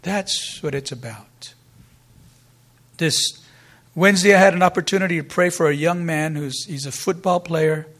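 A male pastor preaching a sermon earnestly, building to emphatic peaks and dropping quiet, with a conversational storytelling manner. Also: on the high side. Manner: storytelling asides with fillers and restarts. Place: church.

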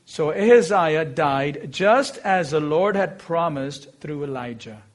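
A man with a notably high voice preaching a sermon. He tells the scripture story expressively and leans hard into slow, emphatic phrases. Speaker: pastor.

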